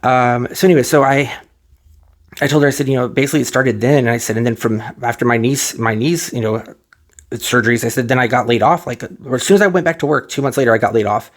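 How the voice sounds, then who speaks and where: Fast-talking man rambling through a personal story. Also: medium pitch. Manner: rambling, many fillers and restarts, retells dialogue; emotional, close to tears at moments. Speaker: vlogger. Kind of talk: casual personal story to camera. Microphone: personal microphone.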